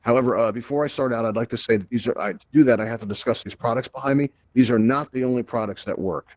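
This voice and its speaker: A man's voice: medium pitch, quick pace, darkish tone. A man giving a chatty live tech presentation in virtual reality, often tagging sentences with "right?", speaking through a headset mic. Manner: chatty, tag questions "right?".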